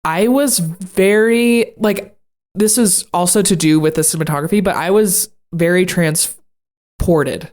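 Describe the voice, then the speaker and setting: A woman co-hosting a podcast in casual chat, jokey and quick to laugh. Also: fairly low pitch, darkish tone. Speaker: podcast co-host.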